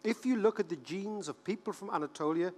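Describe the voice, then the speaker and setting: An Irish man in his fifties giving a humorous conference keynote, animated and joking, repeating words for rhythm. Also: high voice, fairly quick. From Ireland. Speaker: keynote speaker. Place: large conference hall. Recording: reverberant conference hall.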